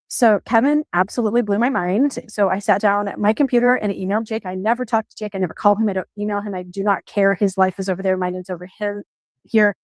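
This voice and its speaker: A woman's voice: medium pitch, fairly even intonation, quick pace, no echo. A woman in her forties telling a personal story in an earnest, emotional way. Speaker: storyteller in a played clip. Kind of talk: personal story told to camera.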